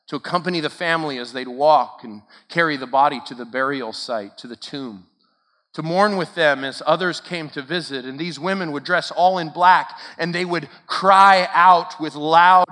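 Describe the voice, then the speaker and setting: A man preaching a sermon at a camp, dramatic, swinging from loud emphatic peaks to hushed low asides and asking the listeners rhetorical questions. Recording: long hall reverb.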